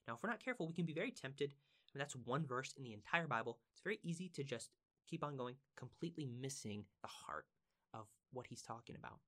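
A man's voice: medium pitch, brisk, a bit bright. A man teaching from the Bible in a casual, conversational way. He is earnest and emphatic, repeats words for stress and asks his listeners questions.

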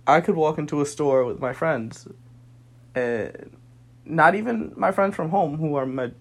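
A young man speaking a personal monologue, earnest and weary, sometimes heated. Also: fairly high pitch.

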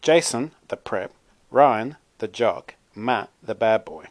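A man reading a first-person storybook aloud in a chatty, wry voice. His pitch sits mid-range for a man. The recording is close and dry, with no room sound. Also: expressive, slow, no echo. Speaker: audiobook narrator.

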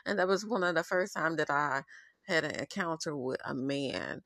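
Gravelly-voiced woman telling a personal story. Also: low-pitched, animated, moderate pace, fairly bright tone, dry recording, studio quality. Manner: candid and profane, openly angry. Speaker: podcast host.

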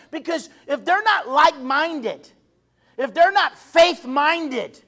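A male preacher with a strikingly high-pitched voice delivers a sermon. He hammers his points by repeating phrases, rising to shouts and then dropping to hushed asides. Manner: emphatic, repeats phrases, swings between shouting and quiet.

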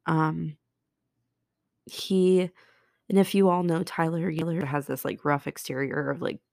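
A woman who works as a nurse, hosting her own podcast and talking through a hard week, halting and close to tears, with many restarts. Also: low-pitched, steady tone, creaky, darkish tone, dry recording. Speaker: podcast host. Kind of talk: personal confessional podcast monologue.

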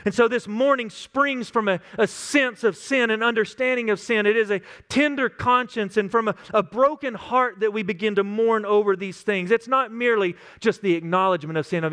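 A man in his thirties delivers a sermon with an earnest, pastoral manner, now and then slipping into small acted-out quotes. His voice sits high and sounds smooth and resonant. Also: normal speed, hardly any pauses, a bit bright.

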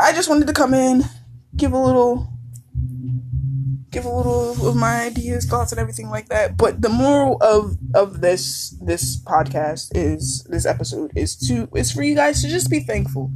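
A woman hosting a podcast, talking casually in a blunt, swearing, emphatic way. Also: a little high. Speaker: podcast host. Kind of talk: casual monologue.

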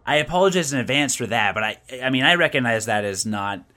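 Talking fast in a mid-range voice, this gaming podcast co-host gives his opinions with animation in a casual conversation. He often starts over mid-thought.

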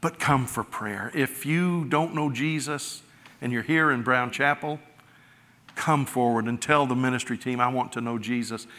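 Preaching man with a bright, ringing voice. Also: medium pitch, unhurried. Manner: emphatic preaching, swells loud then drops soft. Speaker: pastor. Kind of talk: sermon. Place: large church sanctuary. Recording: church hall reverb.

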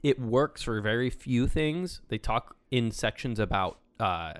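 A man co-hosting a casual podcast, explaining sales and negotiation ideas with lively inflection. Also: mid-range voice, measured pace, clean tone, dry recording. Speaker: podcast co-host.

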